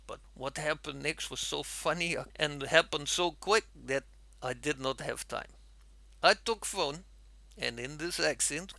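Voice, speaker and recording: A man's voice: a little high, vocal fry, sharp tone, no room sound. A man in a put-on Russian accent telling a comic story at home, dropping articles as he talks. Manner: drops articles in a mock-Russian way. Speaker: comedy vlogger.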